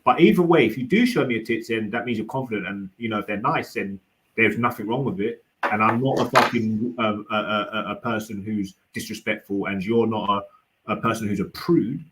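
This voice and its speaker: A man's voice: fairly low pitch, fairly quick, fairly bright tone, slight background noise, rough recording. Rambling young man, many restarts. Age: young adult. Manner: rambling, hesitant, lots of restarts and fillers. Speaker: panel guest. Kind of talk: casual debate.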